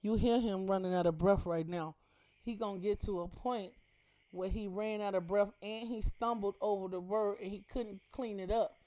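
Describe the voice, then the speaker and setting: A woman's voice: medium pitch, steady tone, moderate pace, mellow. A woman hosting a radio show, breaking down a rap verse in emphatic, profane casual commentary full of rhetorical questions.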